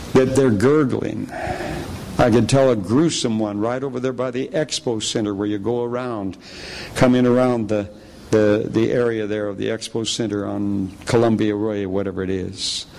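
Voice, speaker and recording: Gravelly-voiced man preaching a story. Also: darkish tone. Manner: storytelling, acts out quoted voices with pitch jumps. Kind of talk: sermon with personal testimony.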